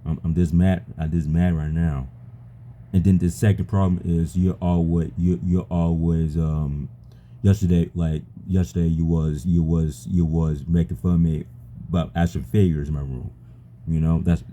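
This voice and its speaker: A man talking casually to an AI chat companion, halting and stammering, often repeating his words. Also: low voice, steady tone, warm tone, slight background noise. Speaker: user chatting with an AI.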